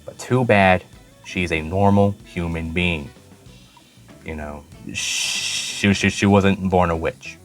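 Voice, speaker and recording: A man with a very low voice recaps an anime in a loose, rambling way. He swears freely and trips over his own words. Faint music plays under him. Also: takes it slowly. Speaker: anime reviewer. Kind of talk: casual profane recap. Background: faint background music.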